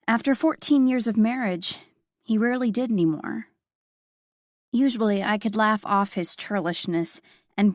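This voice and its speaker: A woman reading a first-person audiobook in a wry, expressive storytelling manner. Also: mid-range voice, no echo, studio quality. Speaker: audiobook narrator.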